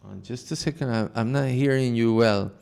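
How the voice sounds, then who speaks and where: A man teaching an online class, slowly explaining how to chant and singing short demonstration phrases. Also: medium pitch, vocal fry, a little mellow, smooth. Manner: patient, slow instruction with sung demonstrations of a chant. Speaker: music teacher.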